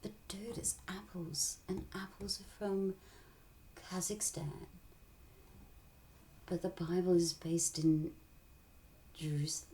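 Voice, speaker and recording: A woman's voice: lowish voice, fairly even intonation, slow, pauses often, mellow. A woman in a rambling, tangential casual monologue, often dropping into whispered asides.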